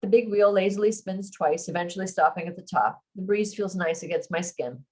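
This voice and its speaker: A woman author reads her romance novel aloud at an easy, even pace. Her voice sits at an ordinary middle pitch. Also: a little fast, poor audio.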